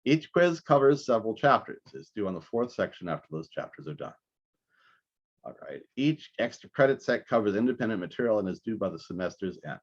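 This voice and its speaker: A man teaching a math class over a recorded video call, talking in a halting way with many restarts. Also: fairly low pitch, sing-song, highs cut off. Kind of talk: recorded online class lecture.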